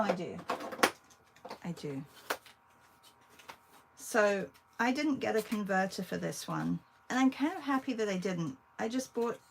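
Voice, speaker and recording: A woman's voice: a little high, creaky, slight background noise, poor audio. A woman art teacher chatting casually with viewers while she draws, thinking aloud as she works. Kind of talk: casual livestream drawing demo.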